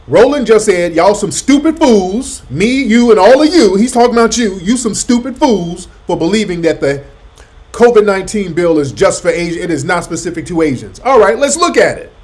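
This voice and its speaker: A man hosting a talk show, mocking and arguing back at a clip he plays. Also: sits high. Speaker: radio host. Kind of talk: commentary over a played clip.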